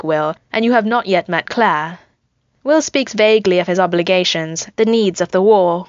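A woman's voice: lowish voice, normal speed, dry recording. Woman reading a story, lo-fi. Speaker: narrator. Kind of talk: scripted narration of fan fiction.

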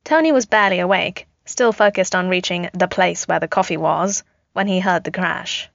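A woman's voice: on the low side, normal speed, vocal fry, a bit bright, no room sound. Woman reading fanfiction aloud. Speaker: fanfiction audiobook reader. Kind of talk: audiobook narration. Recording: dull lo-fi home recording.

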